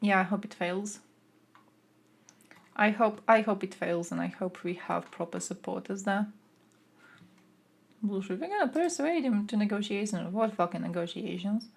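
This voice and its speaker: A woman's voice: mid-range voice, moderate pace, vocal fry, pauses often, husky. A young woman from Croatia, streaming and giving blunt, profane, sarcastic political commentary. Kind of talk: casual ranting commentary.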